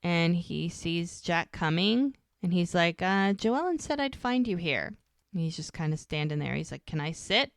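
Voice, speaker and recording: Lower-voiced woman retelling TV scenes. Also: lively intonation, moderate pace, vocal fry, no echo. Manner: retells scenes by quoting characters, "he's like, she goes". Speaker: podcast co-host recapping a TV episode. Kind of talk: casual recap chat.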